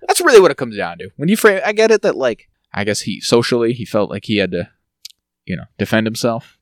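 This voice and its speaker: A man co-hosting a podcast, telling a story in animated casual chat and laughing often. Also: mid-range voice, fast talker, dry recording, clean studio sound. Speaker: podcast co-host.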